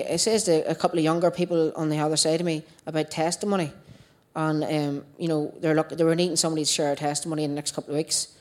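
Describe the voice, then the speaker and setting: A woman's voice: deep voice, darkish tone. A woman with a Northern Irish accent giving a personal testimony to a church group, telling her story in a chatty way and acting out her own past dialogue.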